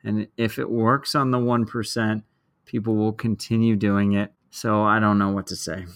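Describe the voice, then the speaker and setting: A male host guiding a segment with polite, measured wrap-ups. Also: lowish voice, level tone, no echo, clean studio sound. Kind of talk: podcast hosting.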